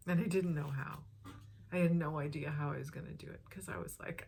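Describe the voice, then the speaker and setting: A woman's voice: sits low, steady tone, brisk, creaky, darkish tone, a little hiss or hum. A woman vlogger sharing a personal health testimony in an earnest, heartfelt way, drawing out her phrases.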